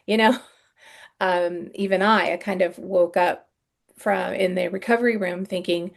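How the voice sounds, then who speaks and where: A middle-aged woman speaking candidly in a podcast interview, halting and earnest, with frequent ums and soft sighs. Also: lowish voice, fairly even intonation, vocal fry. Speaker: guest sharing her story.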